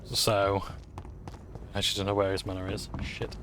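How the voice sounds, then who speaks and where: A man's voice: on the low side, level tone, moderate pace, background noise. A man giving rambling, off-hand gameplay commentary, swearing now and then. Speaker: gaming vlogger. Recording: game music behind.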